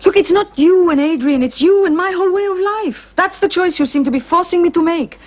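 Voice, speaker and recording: An actress playing an earnest artistic woman arguing with the man she is seeing, in a 1980s TV drama. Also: very high-pitched. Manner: earnest, pleading, quick-spoken.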